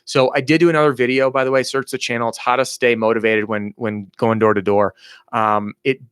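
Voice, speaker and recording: A man, coaching roofing salespeople in a blunt, energetic way while answering viewers' questions on a live stream. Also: medium pitch, a little fast, clear, resonant tone, no echo. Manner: energetic, blunt, motivational, acts out quoted dialogue. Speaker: sales trainer hosting a live Q&A.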